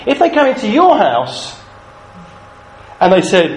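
A British man leading a training session for Christian youth workers, talking in a lively, animated storytelling way. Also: high-pitched, unhurried, a little hiss or hum. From Britain. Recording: echoey room, faint ambience.

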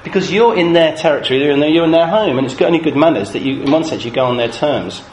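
A British man leading a training session for Christian youth workers, talking in a lively, animated storytelling way. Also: fairly high pitch, quick pace, a little hiss or hum. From Britain. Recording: echoey room, faint ambience.

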